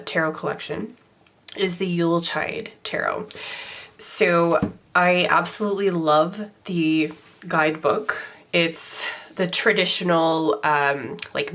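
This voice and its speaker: A woman's voice: fairly low pitch, fairly bright tone. A young adult woman hosting a casual tarot vlog, talking in a chatty way with ums and self-corrections while congested from a cold. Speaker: tarot channel host. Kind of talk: casual show-and-tell vlog.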